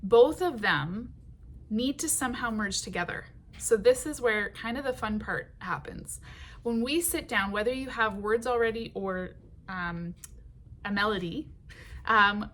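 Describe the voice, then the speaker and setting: A woman teaching songwriting in a patient, unhurried way, with many ums and short sung phrases. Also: medium pitch, fairly bright tone.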